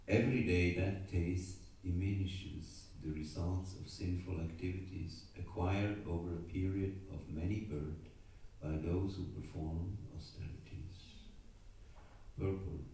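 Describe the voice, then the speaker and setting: A man leading a temple scripture class, reading verses and their translations in a measured way and pausing so the congregation can repeat each line. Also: deep voice, fairly even intonation, warm tone, a little hiss or hum. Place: temple hall. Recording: echoey hall, voice far from mic.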